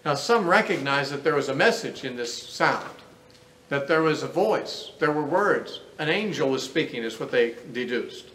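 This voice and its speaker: A man's voice: mid-range voice, lively intonation, moderate pace, sharp tone. Earnest man lecturing in a roomy hall. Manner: earnest, reasoning aloud, explanatory. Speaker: Bible teacher. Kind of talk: classroom lecture on scripture. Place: lecture room. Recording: roomy echo with faint background noise.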